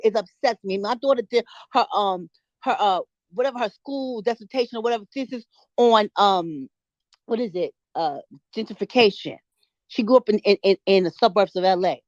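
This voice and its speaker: A woman's voice: a little high, no echo. Heated, profane middle-aged woman on a lo-fi call. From New York City. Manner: heated, blunt and profane, with stammered restarts. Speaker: caller in an audio chat room. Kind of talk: emotional impromptu rant. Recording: lo-fi online audio call.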